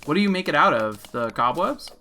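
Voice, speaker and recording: Excitable man yelping at a game. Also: a little high, brisk. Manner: excitable, yelps and laughs often. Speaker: co-streamer. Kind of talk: casual gaming chat.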